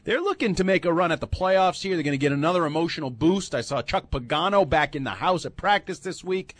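A man's voice: a little high, animated, no echo. A man co-hosting a sports radio show, casually making game picks with jokes and teasing asides. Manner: joking, teasing, quick asides.

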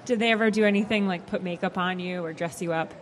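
A woman's voice: fairly low pitch, fast talker. Brief: female interviewer, upbeat and teasing, faint room noise. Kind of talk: casual interview questions.

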